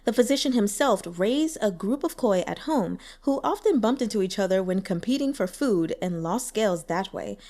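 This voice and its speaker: A woman's voice: moderate pace, hardly any pauses. A woman reading a novel aloud as an audiobook narrator, telling the story expressively. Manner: expressive storytelling with lively pitch. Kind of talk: scripted narration.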